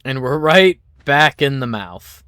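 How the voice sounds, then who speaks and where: A streamer giving lively, laughing let's play commentary and reading game text aloud. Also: mid-range voice, slow pace, clear, resonant tone, dry recording, clean studio sound. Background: faint game music.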